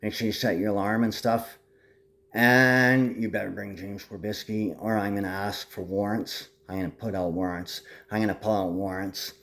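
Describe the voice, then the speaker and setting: A man's voice: lowish voice, normal speed. Man in a rambling, threatening rant. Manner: angry, threatening rant that swerves between calm and shouting. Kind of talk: rambling monologue to camera.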